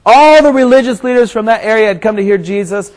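A man preaching to a crowd, praying and then telling a funny story before a Bible passage, growing animated and shouting at the climax. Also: high voice, fast talker, rough recording. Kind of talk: storytelling sermon.

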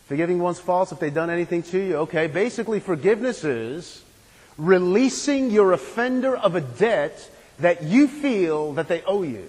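Emphatic high-voiced man preaching. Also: expressive, normal speed, a little mellow, long reverb tail, rough recording. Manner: earnest, emphatic, asks the room questions. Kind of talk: sermon.

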